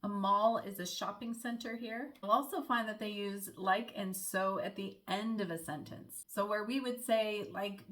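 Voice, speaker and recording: A woman's voice: mid-range voice, steady tone, moderate pace, few pauses, fairly bright tone. Young American woman, vlogger, friendly, chatty explainer, mid-range voice. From United States. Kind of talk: casual explainer vlog.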